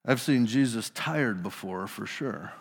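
A man's voice: medium pitch, lively intonation, a little slow, slightly rough. Man preaching in a reverberant hall. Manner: casual storytelling, putting listeners into the scene. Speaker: pastor. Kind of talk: sermon.

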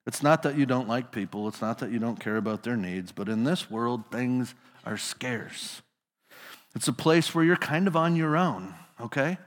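A man's voice: medium pitch, brisk, hardly any pauses, big-room sound. A male pastor preaching a sermon in a casual storytelling manner, putting his listeners into the scene.

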